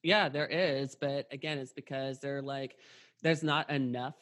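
With a medium-pitched, fairly even voice, a measured pace, and a touch of brightness, the man hosting this podcast chats casually and rambles. Fillers like "like" pile up, along with re-enactments of dialogue.

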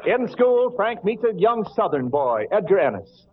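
A man's voice: high-pitched, sing-song, moderate pace. A man hosting an old radio comedy show, narrating a spoof with wisecracking punchline timing. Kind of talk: comic narration for a radio audience. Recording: tinny old radio broadcast with hiss.

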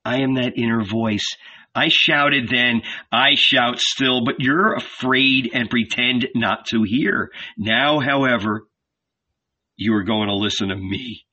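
A calm, insistent archangel, as a man reads him speaks slowly and with measured command, persuading rather than raging. His tone is bright and sits in a muffled, lo-fi audiobook sound. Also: medium pitch. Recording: dull lo-fi recording.

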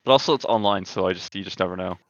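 A man's voice: deep voice, rapid-fire, a bit bright, no room sound. A man on an esports panel, teasing the others and sounding irritated when complaining. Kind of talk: casual esports chat. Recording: dull, lo-fi audio.

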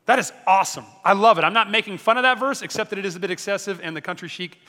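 A man preaching a sermon as a pastor, energetic and conversational, often joking with the congregation. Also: high-pitched, rapid-fire, long reverb tail.

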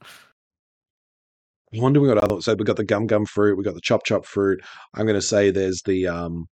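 A man's voice: lowish voice, fairly even intonation, normal speed, a little mellow, no room sound. A man co-hosting a podcast in casual chat, talkative, swearing freely and laughing often. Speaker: podcast co-host.

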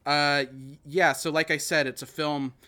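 Podcast host, man with a bright, sharp voice, loose joking delivery. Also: on the high side, flat delivery, measured pace. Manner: rambling, joking, many restarts. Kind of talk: casual chat.

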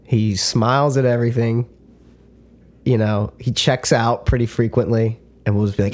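A man's voice: mid-range voice, steady tone, moderate pace, a little mellow. A man co-hosting a podcast, chatting casually in an easygoing way and laughing often. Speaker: podcast co-host. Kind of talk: casual chat.

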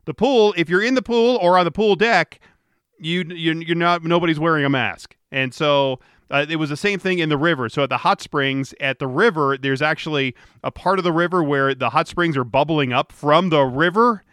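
Podcast host, middle-aged man, fairly high voice, smooth, close dry mic, rambling chat. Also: moderate pace, fairly bright tone, dry recording. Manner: rambling, with frequent restarts. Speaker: podcast host and traffic reporter.

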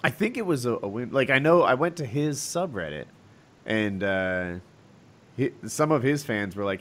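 Middle-aged man, low voice, lively swings in pitch, blunt profane podcast chat. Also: normal speed. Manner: blunt and profane, swinging between loud and quiet. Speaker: podcast co-host. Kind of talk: casual chat.

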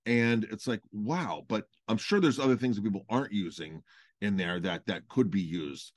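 A man's voice: lowish voice, normal speed, no room sound. A man co-hosting a podcast about running restaurants, talking casually and repeating words for emphasis. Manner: animated storytelling, repeats for emphasis. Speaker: podcast co-host, restaurant owner. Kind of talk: casual chat.

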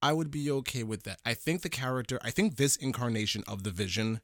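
A man's voice: mid-range voice, quick pace, a bit bright, dry recording, studio quality. A man co-hosting a show review podcast, chatting casually and often restarting his phrases as he thinks. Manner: rambling, repeats his words while thinking. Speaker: podcast co-host. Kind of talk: casual chat.

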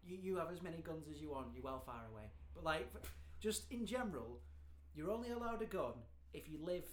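A man's voice: a little high, expressive, a little fast, slight background noise. Male, rambling comic chatter, echoey room. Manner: rambling, jokey, lots of "you know what I mean". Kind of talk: casual comedic chat.

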